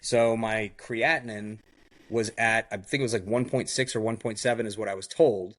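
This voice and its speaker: This podcast guest has a lowish, fairly bright voice with a steady tone and normal speed. Recounting his own story casually, he gives blunt, vivid detail, performs the dialogue he quotes, and uses lots of "like" and "I go."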